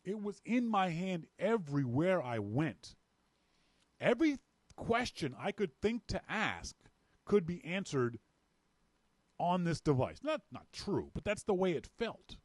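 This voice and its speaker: A man from Canada hosting a podcast, telling a story in a casual, animated way and acting out the lines of people in it. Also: high voice, a little slow, dry recording. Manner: animated, acts out quoted dialogue. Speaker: podcast host.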